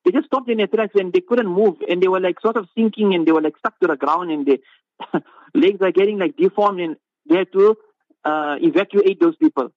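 A man delivers an impassioned religious talk, pressing his points with rhetorical questions and repeated phrases. His voice sits high. It comes through a narrow, phone-like line with a dry, close sound. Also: normal speed, dry recording. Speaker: Islamic scholar giving a talk.

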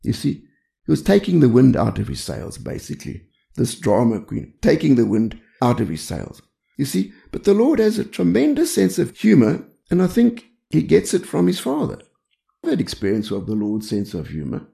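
An older male preacher tells humorous anecdotes in a conversational sermon. His voice is deep with heavy gravel and a mellow warmth. His pitch rises and falls in lively swings. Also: moderate pace. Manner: frequent "you see" asides. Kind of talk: storytelling sermon.

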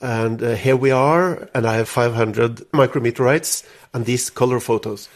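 A Norwegian man, speaking English as a second language, earnestly recounting a personal story in conversation. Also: medium pitch. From Norway. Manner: earnest, emotional, halting in English. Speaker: interviewee, jazz musician.

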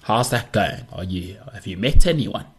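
A nosy, friendly middle-aged rabbi with a South African Jewish accent, as a man puts him on. He sounds low, prods with chummy questions and leans in warmly. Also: animated, moderate pace, a little hiss or hum, lightly acted. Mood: curious.

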